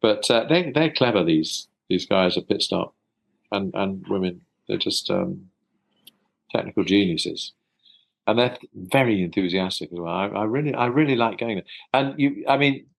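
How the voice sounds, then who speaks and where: A man from South London with a somewhat low voice talks as a guest in a relaxed interview. His speech is thoughtful and chatty, with frequent small restarts as he reaches for words. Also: moderate pace, vocal fry, rough recording. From South London, England. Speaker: voice actor guest. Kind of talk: casual interview chat.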